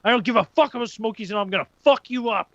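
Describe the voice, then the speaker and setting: A man voicing a hostile young man yelling and swearing in a food line, on dull lo-fi audio. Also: high voice, fast, no room sound, pitched above the performer's own voice. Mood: belligerent. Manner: profane, belligerent.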